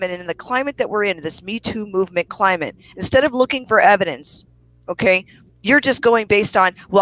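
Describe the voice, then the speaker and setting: A woman's voice: medium pitch, a bit bright, dry recording, poor audio. Pissed-off woman going off on a profane rant, dry close mic. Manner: profane, heated ranting. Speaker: co-host. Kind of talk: angry podcast rant.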